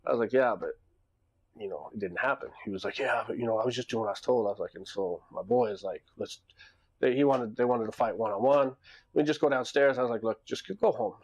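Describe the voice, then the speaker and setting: A man's voice: mid-range voice, fast, a little mellow, husky. Man rambling through a club story. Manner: loose, rambling, with many restarts and quoted dialogue. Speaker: club owner telling a story. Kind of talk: casual storytelling monologue. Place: Japan.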